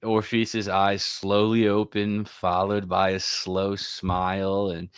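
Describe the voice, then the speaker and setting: A man with a very deep voice recaps an episode on a podcast. He walks through it scene by scene and quotes the dialogue in a thoughtful, casual way. The mic is close and dry. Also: fairly even intonation, slow, fairly bright tone, smooth, dry recording. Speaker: podcast co-host.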